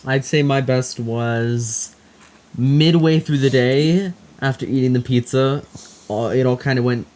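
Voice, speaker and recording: Very deep-voiced, dark-toned woman hiker. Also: unhurried. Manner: dry, matter-of-fact, brief replies. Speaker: vlogger hiker. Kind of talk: casual vlog chat.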